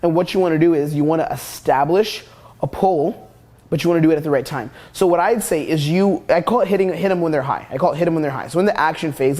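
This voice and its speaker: A young man delivers a coaching lecture at a rapid clip. He is brash and casually profane, pressing his points in quick bursts, and his voice sits a little higher than most men's. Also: darkish tone. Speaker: dating coach. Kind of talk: instructional course lecture.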